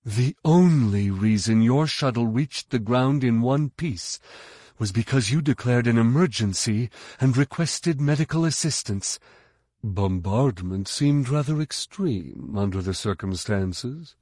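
A man reading as a sly smooth officer. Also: medium pitch, a little slow, dry recording, clean studio sound. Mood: amiable. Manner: amiable, even, quietly menacing.

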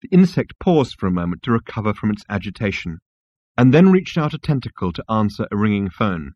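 A man giving scripted narration of a story in a dry, deadpan way. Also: lowish voice, brisk, lo-fi sound.

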